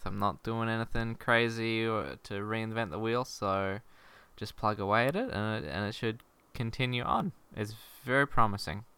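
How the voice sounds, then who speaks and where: A young man, a game developer, chatting casually on a podcast, relaxed and rambling, with restarts. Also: lowish voice, smooth, no room sound.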